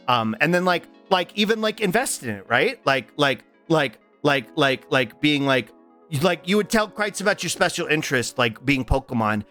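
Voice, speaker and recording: A man streaming and chatting casually with his chat, halting and giggly, with lots of repeated words and restarts. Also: mid-range voice, fairly bright tone. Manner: affectionate and giggly. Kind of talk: casual livestream chat reading chat.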